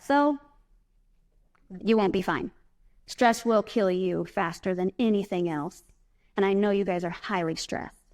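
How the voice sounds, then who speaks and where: A woman's voice: medium pitch, darkish tone. A woman giving a casual, upbeat motivational talk to a live audience at a conference, chatty and full of fillers, guiding the room through breathing exercises. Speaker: motivational speaker. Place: conference presentation.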